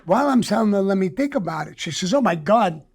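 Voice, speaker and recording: An older man, a guest telling a story casually, profane and animated, acting out the quoted voices. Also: high-pitched, fast talker, slightly rough.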